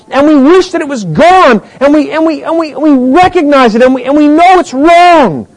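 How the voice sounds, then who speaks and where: A male pastor preaching a sermon, emphatic, moving between quiet stretches and loud rising points. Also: fairly high pitch, rough recording.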